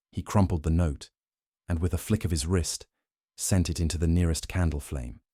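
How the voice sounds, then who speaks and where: A man reading a story in a measured, formal storytelling voice. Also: sits low, mellow, no room sound, clean studio sound. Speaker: narrator. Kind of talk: scripted storybook narration.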